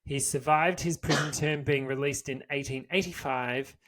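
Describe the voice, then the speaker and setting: A man's voice: on the high side, fairly even intonation, normal speed, a bit bright. Man reading a history tale. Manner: casual, swears freely, reads from notes. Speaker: podcast co-host. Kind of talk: reading a history story aloud, then casual chat.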